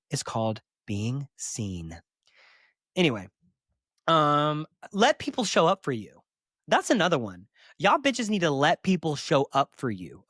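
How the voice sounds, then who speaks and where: A man's voice: mid-range voice, fairly bright tone, no echo, studio quality. A man hosting a solo podcast as a therapist, talking candidly and emphatically, with sassy asides.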